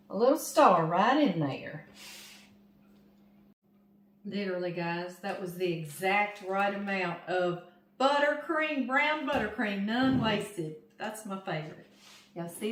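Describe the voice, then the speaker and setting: A woman's voice: medium pitch, slight background noise. An older woman from Louisiana with a Southern US accent, chatting to her viewers while she decorates a cake in her home kitchen. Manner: chatty, talks straight to viewers as "y'all". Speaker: home cooking vlogger. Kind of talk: casual cooking demonstration. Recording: roomy kitchen echo.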